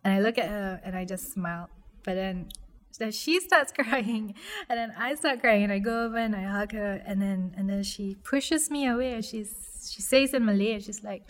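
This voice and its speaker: A young woman quietly telling a personal story, halting with many fillers and restarts. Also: mid-range voice.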